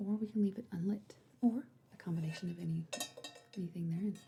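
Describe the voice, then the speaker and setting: A woman voicing an attentive female party planner in a whispered role-play, softly reassuring as she shows decorations. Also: lowish voice, quick pace, creaky, a little hiss or hum. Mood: gentle. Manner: soft, reassuring sales talk.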